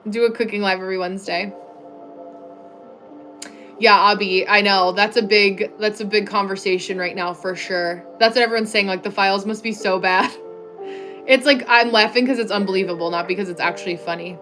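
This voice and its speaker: A woman's voice: medium pitch, steady tone, brisk, a bit bright, faint music behind. A young woman from the United States hosting a casual livestream, reading viewer comments and answering them in a chatty way, full of "like" fillers, on a clip-on mic. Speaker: livestream host.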